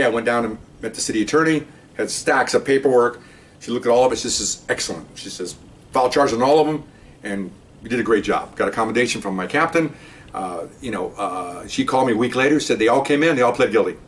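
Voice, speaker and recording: A man's voice: fairly low pitch, far from the mic. An older man, a retired police officer, casually telling a story to camera and acting out the voices of the people in it. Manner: animated, acts out voices in quotes.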